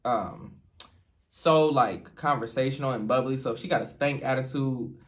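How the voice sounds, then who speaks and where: A man's voice: medium pitch, normal speed. A man co-hosting a podcast, chatting casually, laughing often and acting out what people say. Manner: animated, laughs a lot and acts out what people say. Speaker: podcast co-host. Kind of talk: casual chat.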